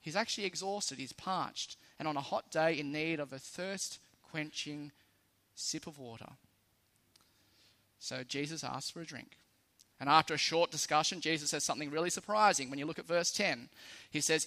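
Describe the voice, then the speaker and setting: A man's voice: on the high side, normal speed, bright, forceful tone. A man with an Australian accent preaching a sermon in a conversational, lightly humorous way, stressing key phrases.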